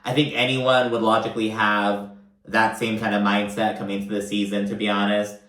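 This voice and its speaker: A man's voice: lowish voice, flat delivery, fairly quick, fairly bright tone, roomy sound. A man giving casual, profane, gossipy recap commentary on a reality show, full of fillers.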